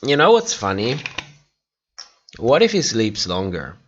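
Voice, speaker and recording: A tired man hosts a livestream, drifting through viewer comments at an unhurried pace. His pitch rises and falls a lot as he chats, and he breaks into laughter often. The sound is dull and lo-fi, like typical stream audio. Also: wildly swooping pitch, a little hiss or hum. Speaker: livestream host. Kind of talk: casual chat reading live comments.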